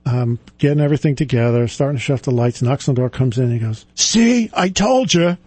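A man's voice: mid-range voice, steady tone, quick pace, mellow, slightly rough, dry recording. A middle-aged man, a financial advisor, telling stories in a chatty monologue that is full of chuckles and restarts. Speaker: financial advisor and firm president. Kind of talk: casual storytelling monologue.

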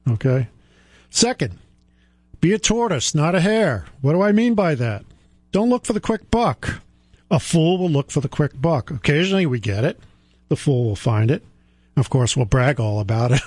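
A man's voice: on the high side, darkish tone, breathy edge, dry recording. A man in his sixties hosting a radio finance show, talking in an emphatic way, repeating his key points and joking about himself. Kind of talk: radio talk monologue.

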